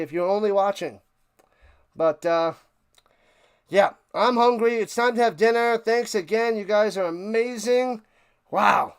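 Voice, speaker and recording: A man hosting a sports live stream, chatting excitedly and a bit out of breath as he signs off to his viewers. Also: sits high, clear, resonant tone. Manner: excited, rambling, talks to chat viewers. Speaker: sports livestream host. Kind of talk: casual live-stream sign-off chat.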